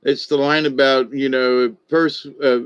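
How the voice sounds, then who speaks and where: An older man and former stage director telling rambling, animated stories in a casual monologue, often trailing off and restarting. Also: mid-range voice, measured pace, clear, resonant tone, dry recording. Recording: dull, dry lo-fi audio.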